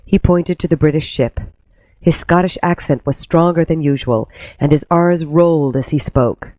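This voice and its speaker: A man reading a history story aloud in steady, clear scripted narration. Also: on the high side, normal speed, no room sound. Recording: tinny phone-like dry recording.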